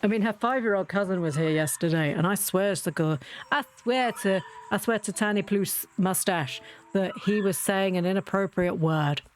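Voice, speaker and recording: A woman's voice: medium pitch, moderate pace, slight background noise. A woman streamer chatting casually during a livestream, rambling through anecdotes.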